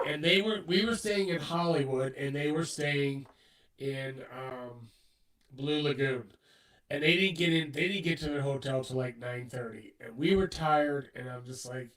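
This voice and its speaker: A man's voice: a little high, a bit bright, distant mic, low-quality recording. A man co-hosting a show, telling a long story in casual chat and acting out what people said. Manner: rambling, retells dialogue. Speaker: co-host.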